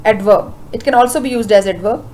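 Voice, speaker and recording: Teacher woman explaining grammar, somewhat high. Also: mellow, a little hiss or hum, poor audio. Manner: explains slowly with frequent uh fillers, asks rhetorical questions. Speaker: English teacher. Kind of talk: grammar lesson lecture.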